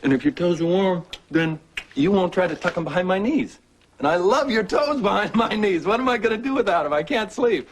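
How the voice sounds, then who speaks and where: A man's voice: a little high, a little mellow, close to an everyday voice. An actor playing a playful, teasing husband and father in a soap opera, talking with affection. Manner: teasing and affectionate, drawn-out jokes.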